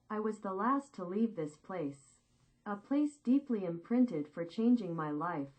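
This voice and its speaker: Slow, solemn woman narrator. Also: medium pitch, lively intonation, dull audio. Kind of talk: scripted first-person war memoir narration.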